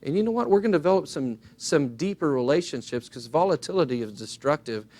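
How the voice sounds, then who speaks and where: A man preaching a sermon, earnest and emphatic, swinging his pitch widely and acting out little dialogues as he goes. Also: animated, fast, darkish tone.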